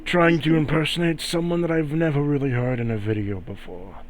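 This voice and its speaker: A man's voice: fairly high pitch, fairly even intonation, a little fast. A young man running a tabletop game as game master, hesitant and self-deprecating, laughing often.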